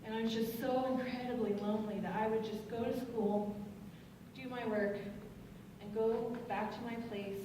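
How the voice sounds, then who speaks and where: Woman, student veteran speaker, earnest heartfelt testimony; slightly high voice, roomy hall reverb, faint ambience. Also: fairly even intonation, noisy background. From Colorado. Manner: earnest, emotional, halting at times. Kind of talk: personal testimony speech. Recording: echoey hall, distant mic.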